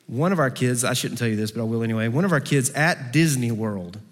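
A man preaching a sermon who acts out quoted voices and moves between soft, low passages and lively, raised ones. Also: fast. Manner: acts out quoted voices with big pitch swings. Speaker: pastor. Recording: long hall reverb.

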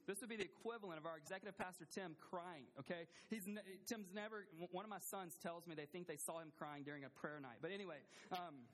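A man's voice: sits high, a little hiss or hum. A man preaching a sermon as a pastor in a church, earnestly asking the congregation questions and repeating phrases for emphasis.

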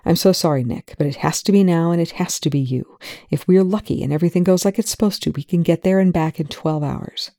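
A reader voicing a brisk, apologetic male commanding officer who gives clipped orders. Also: mid-range voice, dark tone, no echo, studio quality, natural voice.

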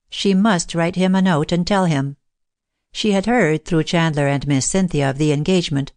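Low-voiced woman reading an audiobook. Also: gravelly, a little mellow, dry recording. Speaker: audiobook narrator. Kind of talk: scripted narration.

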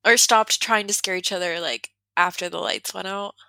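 A woman's voice: medium pitch, fairly even intonation, normal speed, bright, forceful tone, no room sound. A young woman in her twenties chatting casually as a co-host, laughing often as she talks. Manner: giggly, laughs often while talking. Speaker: podcast co-host. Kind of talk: casual chat.

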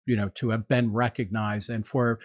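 A man's voice: on the low side, flat delivery, normal speed, no room sound. Dry-voiced man riffing in a roundtable. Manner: rambling, many fillers and restarts, opinionated. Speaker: podcast co-host, magazine editor. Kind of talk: casual roundtable discussion.

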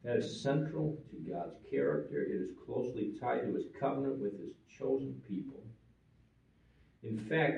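A man preaching a sermon, stressing and repeating key words, at times rising loud and at times dropping very quiet. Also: mid-range voice, gravelly. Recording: echoey and distant, dull sound.

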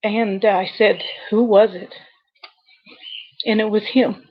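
A woman dispatcher telling a personal story over a video call, earnest and halting with many pauses. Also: medium pitch, steady tone, muffled recording. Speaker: 911 dispatcher guest.

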